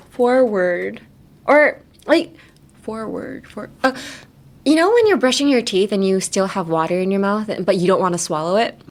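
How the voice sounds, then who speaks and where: A woman's voice: a little high, a bit bright. A woman hosting an English lesson podcast in a radio studio, chatting casually, laughing often and acting out playful pronunciation demos. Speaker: English teacher host. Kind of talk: casual teaching chat.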